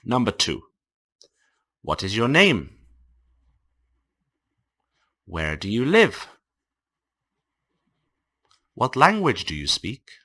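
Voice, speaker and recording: Male English teacher for an online lesson, unhurried and clearly enunciated, with a bright, lively lower voice. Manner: slow, carefully enunciated classroom reading. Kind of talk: online lecture for language learners.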